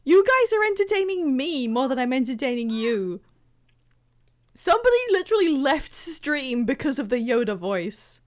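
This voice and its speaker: A woman's voice: high voice, sing-song, moderate pace. A woman streaming a game live, chatting casually with viewers, laughing often and poking fun at herself. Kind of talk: casual livestream chat.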